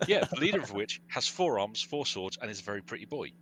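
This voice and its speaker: A man's voice: fairly low pitch, very animated, quick pace, a bit bright, low-quality recording. A man, a guest on a casual podcast, making dry, wry remarks. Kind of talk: casual chat.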